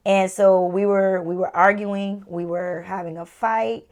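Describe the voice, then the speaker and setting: A woman's voice: mid-range voice, fairly even intonation, measured pace, a little mellow. A woman in her thirties shares a painful chapter of her marriage on a podcast she co-hosts. She talks candidly and emotionally. At the tender moments her voice falls almost to a whisper. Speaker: podcast co-host. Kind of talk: candid personal storytelling.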